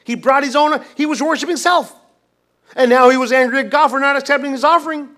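A man preaching a sermon as pastor, swinging from hushed, quiet lines to loud, emphatic ones, with many restarts. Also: very high voice, fast.

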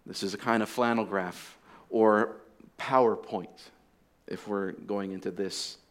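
A pastor preaching a sermon, explaining deliberately and dropping in casual asides to the congregation. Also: male voice, on the low side, fairly even intonation. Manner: deliberate teaching with conversational asides.

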